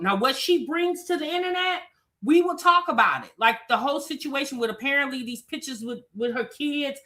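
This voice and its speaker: A woman's voice: a little high, pushed and bright. A woman hosting a commentary show, talking bluntly and casually in slangy chat about online drama.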